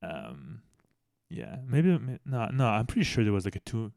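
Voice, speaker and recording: A man's voice: lowish voice, very animated, moderate pace, vocal fry, a little mellow, dry recording, studio quality. A man hosting a news commentary channel in casual, blunt style, swearing heavily and restarting sentences, speaking English as a second language. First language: not English.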